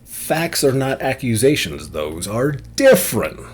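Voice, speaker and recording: Blunt husky man ranting. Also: mid-range voice, big pitch swings, unhurried, a little mellow. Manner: blunt, opinionated, rambling with restarts. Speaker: vlogger. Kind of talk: casual ranting monologue.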